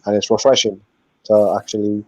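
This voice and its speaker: A man's voice: on the low side, flat delivery, normal speed, dark tone, no echo. A man talking on a live stream, earnest and hesitant, with lots of ums. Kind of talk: casual chat. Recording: dry, dull lo-fi call audio.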